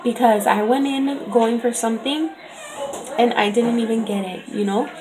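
A woman's voice: fairly high pitch, normal speed, very noisy. A young woman and mother telling a chatty, upset story in a casual vlog, often asking "you know what I mean". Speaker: vlogger and mother.

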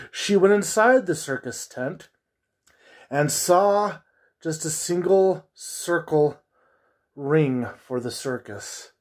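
Slow, lively-pitched bedtime storyteller. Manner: slow, expressive storytelling with whispered asides.

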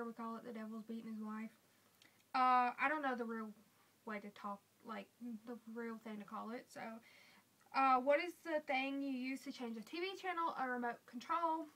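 A woman's voice: sits high, sharp tone. A young woman with a Southern US accent, chatting casually to camera as a beauty vlogger, reading out questions and answering them.

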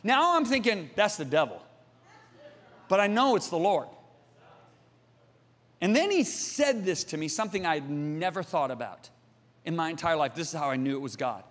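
A man in his sixties delivers a sermon in a high, ringing, animated voice at normal speed, the long reverb of a big church auditorium trailing his words. He tells his story, calls out directly to the congregation, and moves from loud appeals to near-hushed passages.

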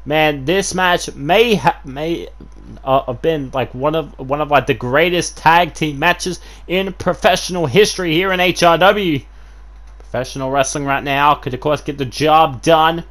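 A man giving excitable play-by-play commentary over a wrestling video game, full of fillers and sudden shouts at big moves. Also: on the high side, a little slow. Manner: excitable, filler-heavy, keeps saying "of course", bursts into shouts at big moves.

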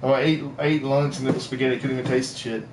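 A man's voice: mid-range voice, little pitch movement, rapid-fire. A man, co-hosting a casual live stream and joking and teasing his partner. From Mobile, Alabama. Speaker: co-host. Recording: roomy, distant mic, noisy ambience.

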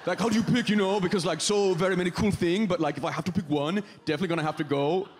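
A man's voice: medium pitch, slow, a faint crowd. A man on a comedy stage doing an impression of a bubbly foreign woman coworker in broken English with a made-up, unplaceable accent. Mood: gushing. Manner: gushing, filler-heavy, excitable. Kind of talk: stand-up impression.

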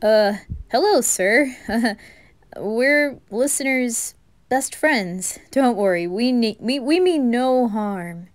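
A woman's voice: a little high, lively intonation, slow pace. A woman voicing a chatty, playful teenage boy who gushes over food in a whispered role-play.

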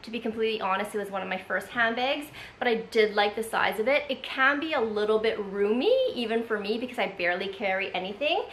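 A woman's voice: mid-range voice, fast, few pauses, a bit bright, roomy sound, a little hiss or hum, rough recording. A woman vlogger chatting casually through an unboxing, rambling with lots of filler words. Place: home room indoors.

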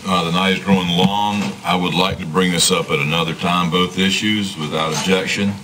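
Man, commissioner, polite, tired, very deep voice, far from mic, noisy room. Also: steady tone, moderate pace. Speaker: county commissioner.

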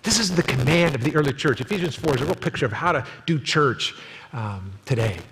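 A man's voice: expressive, fairly quick, in a large hall, noisy background. A man preaching a sermon as a pastor, telling stories and acting out the people in them. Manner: storytelling, acting out quoted voices in a higher pitch. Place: church sanctuary.

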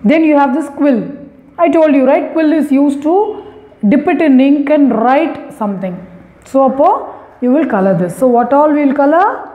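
A woman teaching young children, slowly coaxing them and repeating each word. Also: sits high, lively intonation. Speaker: kindergarten teacher. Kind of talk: slow, sing-song online lesson for young children. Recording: echoey room, narrow lo-fi phone-like sound.

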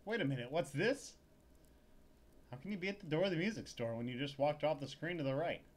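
A man's voice: fairly high pitch, animated, a little fast. A man hosting a let's play, reading the game's narration aloud in a wry, playful way. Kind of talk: reading game text aloud with commentary.

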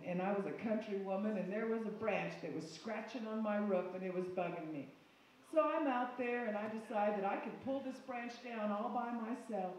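A woman's voice: fairly high pitch, a little mellow. A woman with a Southern accent doing brash, bawdy stand-up comedy at an open mic in a small bar. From Colorado-based, from the US. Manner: brash, bawdy, folksy punchlines. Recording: echoey bar room, distant mic.

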